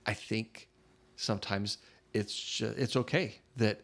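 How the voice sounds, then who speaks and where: A man hosting a conversational interview, speaking thoughtfully and haltingly with many fillers. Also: lowish voice, steady tone, gravelly, fairly bright tone. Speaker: podcast host interviewer.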